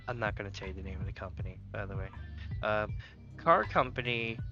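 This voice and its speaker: A man's voice: fairly low pitch, brisk, lo-fi sound, over music. A man streaming a game live, chatting casually and telling rambling stories with jokey asides. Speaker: gaming streamer. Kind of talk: casual livestream chat while gaming.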